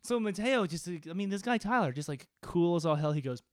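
A man's voice: high voice, lively intonation, brisk, no echo, studio quality. A man who is a game master, recounting a tabletop session in casual podcast chat, rambling with lots of "like" fillers and swearing. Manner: rambling, profane, full of "like" fillers.

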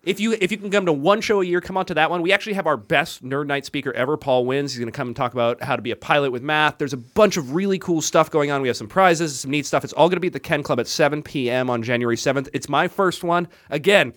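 A man's voice: fairly high pitch, quick pace, hardly any pauses. A man co-hosting a casual comedy podcast who tells stories with lots of energy and acts out the people in them. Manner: animated storyteller, acts out voices in quotes. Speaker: podcast co-host. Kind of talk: casual chat.

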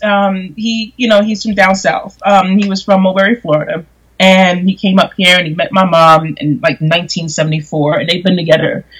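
A chef from New York, a guest on a talk show, telling stories in a lively way and often laughing and acting out quotes. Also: mid-range voice, low-quality recording. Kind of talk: casual storytelling in conversation.

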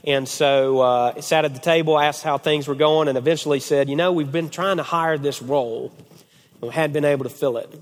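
Young man, sermon storytelling, slightly high voice, lively acted-out quotes, long hall reverb. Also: fairly quick. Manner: animated storyteller, acts out quotes with big pitch swings.

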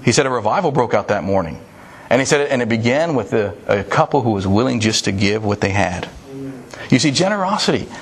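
A man's voice: medium pitch, expressive, a little fast. A man preaching a sermon, telling a story in an easy, conversational way with many small restarts and fillers. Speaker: pastor.

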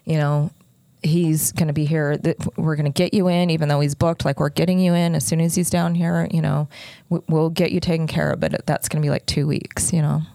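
Woman, low voice, gravelly fry, halting and earnest, many restarts, dry close recording. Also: little pitch movement, dark tone, dry recording. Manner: earnest, unguarded, close to tears. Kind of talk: emotional personal storytelling.

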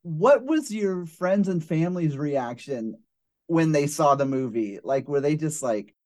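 A man's voice: fairly high pitch, lively intonation, unhurried, darkish tone. A man hosting a podcast interview, chatting casually, joking and laughing readily. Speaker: podcast host.

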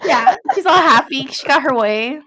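A woman's voice: high-pitched, lively intonation, moderate pace, a bit bright. A woman co-hosting a podcast, chatting casually and retelling TV scenes with lots of "like". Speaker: podcast co-host. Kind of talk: casual chat recapping a TV episode.

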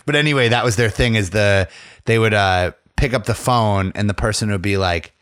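A man's voice: fairly low pitch, moderate pace, fairly bright tone, clear, resonant tone. A young man in casual chat, telling funny stories with lots of laughter and swearing. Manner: laughing, rambling storytelling with profanity.

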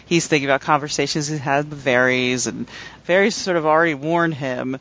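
A rambling podcast co-host, a man with a fairly high voice, talking casually with many fillers. The recording sounds dull and lo-fi. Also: brisk, fairly bright tone. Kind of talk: casual book discussion and reading.

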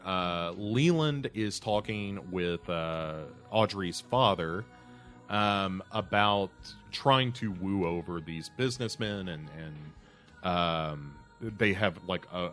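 Podcast co-host, low voice, rambling recap, faint music under it. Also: male voice, a bit bright. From United States. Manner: rambling, many fillers and restarts. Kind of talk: casual chat recapping a TV episode.

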